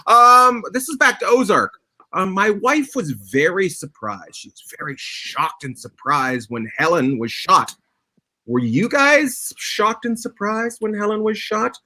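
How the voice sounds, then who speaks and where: Teasing guy hosting a video call chat, high bright voice, swears a lot. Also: sing-song, moderate pace. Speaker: host. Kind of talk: casual comedic chat.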